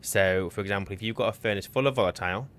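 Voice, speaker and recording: Deep-voiced man explaining a game. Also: fast talker, a bit bright, smooth. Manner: explains game mechanics at length, teasing banter. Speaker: streamer, co-op game host. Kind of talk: casual gameplay chat and explaining.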